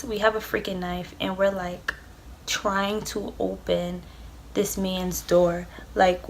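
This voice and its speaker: Rambling, profane young woman telling a story. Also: medium pitch. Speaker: vlogger. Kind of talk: storytime vlog.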